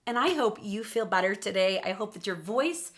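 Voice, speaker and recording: A woman vocal coach leading a warm-up lesson at the piano, encouraging and upbeat. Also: mid-range voice, lively intonation, moderate pace. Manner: encouraging, upbeat, talks while playing piano.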